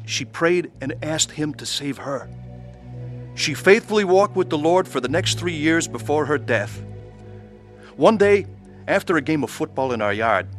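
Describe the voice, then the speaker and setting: A man's voice: on the high side, fairly bright tone. A man giving an earnest, scripted testimony about his faith, with acted scenes. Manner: earnest, pleading. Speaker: testimony narrator.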